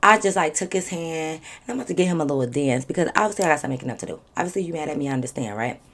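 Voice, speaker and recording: Low-voiced woman telling a candid story. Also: racing. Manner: candid, profane, animated. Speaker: vlogger. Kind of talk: casual storytime.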